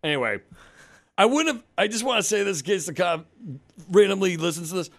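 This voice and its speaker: A man's voice: sits high, fairly quick. A man in his thirties, a podcast host, telling a story in casual chat, swearing often and acting out what people said. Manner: profane, animated, acts out quotes.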